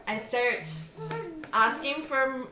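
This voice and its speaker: High-voiced young woman telling a story. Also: steady tone, drawn-out words, roomy sound, a crowd in the background. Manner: chatty, laughs through her story. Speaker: podcast co-host. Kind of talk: casual chat, storytelling.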